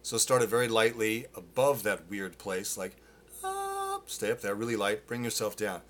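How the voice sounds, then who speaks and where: Bright-voiced male vocal coach. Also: lowish voice, fairly even intonation, moderate pace. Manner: casual, explains with demonstrations and filler words. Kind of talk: live Q&A singing lesson.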